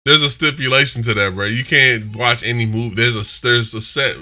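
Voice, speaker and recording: A man co-hosting a podcast in casual chat, profane and animated, with stammering restarts and acted-out voices. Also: mid-range voice, a little fast. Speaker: podcast co-host.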